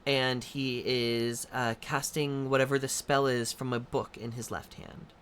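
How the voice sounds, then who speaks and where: A man's voice: medium pitch, flat delivery, measured pace, fairly bright tone, a little hiss or hum. A man narrating a tabletop game as game master, loosely describing scenes with many ums and likes.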